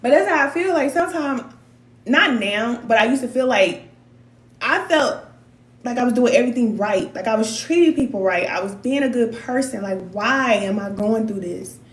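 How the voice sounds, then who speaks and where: A middle-aged woman with a fairly high voice talks straight to her viewers, candid and emotional, slipping into slang as she gives spiritual advice. Her voice rings in a roomy, echoey space. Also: lively intonation, moderate pace. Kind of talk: casual heartfelt talk to viewers.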